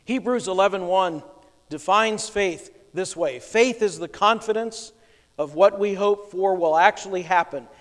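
A man with a high voice preaching in a church sanctuary. His delivery is emphatic, with soft low stretches that build to loud bursts. His voice rings with the long reverb of a big hall. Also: unhurried. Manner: emphatic preaching with wide swings in loudness. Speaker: pastor. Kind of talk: sermon.

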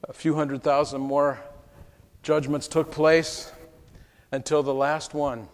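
A male pastor preaching an emotional first-person story, heartfelt, going from hushed to exclaiming, in a church sanctuary. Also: on the high side, level tone, takes it slowly. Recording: long hall reverb.

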